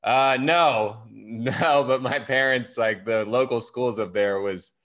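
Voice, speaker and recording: A young American man guest chatting casually, laughing often and rambling in a relaxed way. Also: mid-range voice, slow pace. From United States. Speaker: podcast guest. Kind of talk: casual chat.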